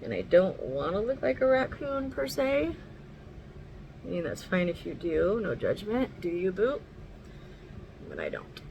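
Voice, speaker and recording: A woman's voice: fairly low pitch, very animated, measured pace, creaky, pauses often, a little mellow, muffled recording, a little hiss or hum. A woman chatting casually through a makeup tutorial at home, rambling and swearing now and then. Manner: talks sweetly to her dog. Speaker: makeup vlogger.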